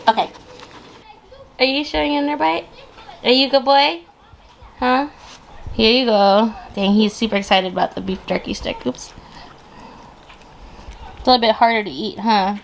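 A woman's voice: fairly high pitch, moderate pace, vocal fry, long pauses, a little hiss or hum. A woman casually unboxing a pet subscription box, chatting in a coaxing sing-song baby-talk voice to her dog, with gasps and laughs along the way. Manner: gasps and laughs as she chats.

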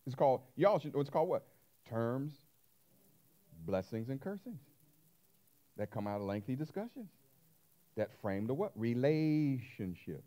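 A man preaching a sermon, animated, swinging between loud and hushed and asking the congregation questions. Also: medium pitch. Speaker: pastor.

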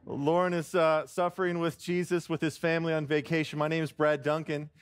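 A man preaching as a guest pastor, his voice sitting on the higher side. He jokes at his own expense and calls out to the congregation for answers. His sentences often restart on the way. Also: level tone, a little fast, clear, resonant tone. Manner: jokey, warm-hearted, self-deprecating, lots of restarts. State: choked up near tears. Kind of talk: sermon with congregation call-and-response. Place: church sanctuary.

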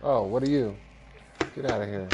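A man's voice: on the low side, moderate pace, lo-fi sound, background noise. A man streaming a space exploration game, chatting casually with a friend and his viewers. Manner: chatty, upbeat, talks to chat while playing. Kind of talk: casual live-stream chat.

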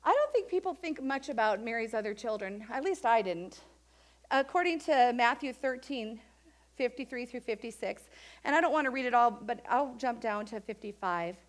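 High-voiced woman preaching a sermon. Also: moderate pace. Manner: animated, acts out quoted voices of Mary and others. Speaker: pastor. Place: church.

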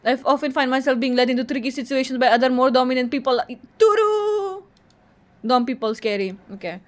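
A woman's voice: high-pitched, fairly even intonation, fast. A woman with an Indian accent, chatting casually on a livestream, playful and boastful as she reads quiz statements aloud and answers them. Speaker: streamer.

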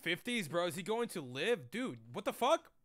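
A man's voice: high-pitched, moderate pace, no room sound, studio quality. Profane, joking young male streamer. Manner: profane, joking, animated storytelling. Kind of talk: casual livestream chat.

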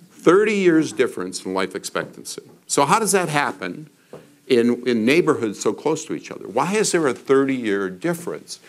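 A man in his sixties giving a public lecture in a college hall, telling stories in a conversational way with fillers. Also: medium pitch. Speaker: guest speaker.

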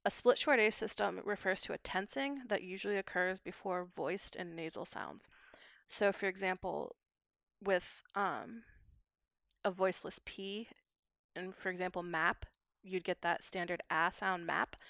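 A young adult woman, a guest linguist, explaining dialect features in measured, academic podcast talk. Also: on the low side, vocal fry, a bit bright, clean tone, dry recording.

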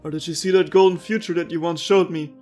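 A woman's voice: lowish voice, quick pace, soft background music, natural voice. A woman reading out the lines of a solemn servant devoted to a god-ruler, in her own voice. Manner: reads the lines aloud at an even, formal pace.

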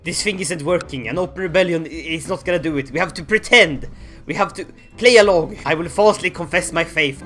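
A man narrating a strategy game playthrough, excitable and theatrical, laughing and bursting into shouts. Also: high-pitched, fairly quick, soft background music. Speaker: gaming YouTuber. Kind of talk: Let's Play commentary.

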